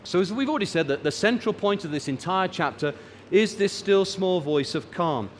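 A man's voice: high voice, animated, normal speed, big-room sound, a little hiss or hum. A man preaching a sermon, rising and falling for emphasis and drawing out the key words. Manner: rises and falls for emphasis, draws out key words.

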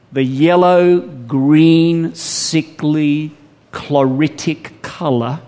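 A man preaching a sermon, calling his listeners brothers and sisters, stretching key words slowly and then rushing ahead with emphasis. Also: fairly high pitch, a little mellow. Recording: long hall reverb.

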